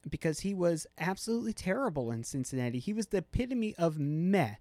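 A man's voice: fairly high pitch, very animated, a little fast, a little mellow, dry recording. A man co-hosting a casual sports podcast, teasing his partner in playful banter. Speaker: podcast co-host.

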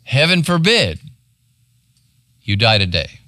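Guy pastor teaching bible study, bright voice, bouncy pitch, chatty, keeps asking "right?". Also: expressive, normal speed, no room sound. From United States. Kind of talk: sermon.

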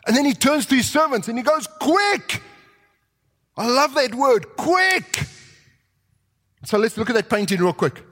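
A man with a high voice preaches a sermon, telling the story vividly and acting out each character's lines. His voice rings with the long reverb of a large hall, as if recorded in a church sanctuary. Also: fast, few pauses, a bit bright, breathy edge.

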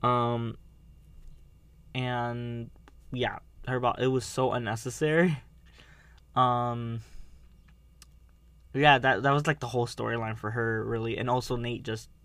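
A man's voice: medium pitch, little pitch movement, a little slow, long pauses, a bit bright, clean tone, no echo. A man hosting a casual podcast, talking in a rambling way with many fillers. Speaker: podcast host. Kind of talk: casual chat.

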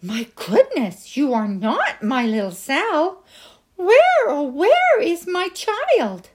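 A prim, fussy mother from a children's picture book, as a woman reading aloud puts her on. Her voice sits fairly high and rises and falls a lot, and she talks slowly. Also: wildly swooping pitch, breathy edge, exaggerated voice. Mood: distressed. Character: fussy human mother picking berries.

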